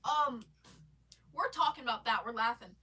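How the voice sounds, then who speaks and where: A woman telling a rambling story on a live stream, casual and animated, swearing and laughing often. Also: fairly high pitch, moderate pace, slightly rough. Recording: voice a bit far from the mic.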